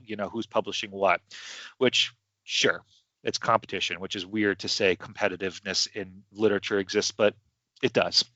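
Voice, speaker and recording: A man's voice: fairly low pitch, fairly bright tone, dry recording. A man hosting a podcast in casual chat, rambling and hesitant with many restarts. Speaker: podcast host. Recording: dull lo-fi sound.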